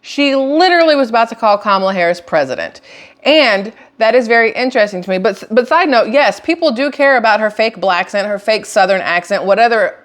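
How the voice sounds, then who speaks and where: A woman's voice: on the high side, lively intonation, brisk. A woman hosting casual political commentary, talking emphatically and repeating words for stress. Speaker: host.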